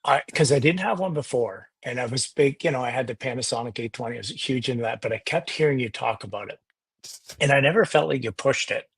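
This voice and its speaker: A man's voice: medium pitch, fast talker, gravelly, husky, dry recording. A man from Canada joining a livestream as a guest, chatting in an easygoing, agreeable way. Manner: easygoing, agreeable, many "yeah"s. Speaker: guest caller. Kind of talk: casual chat.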